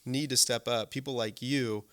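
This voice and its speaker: A man's voice: medium pitch, steady tone, moderate pace, a bit bright, clean tone. A man hosting a podcast interview, talking with eager energy, repeating himself and tagging his points with "right?". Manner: enthusiastic, repeats words, many "right?" tags. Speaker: podcast host. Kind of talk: casual interview chat.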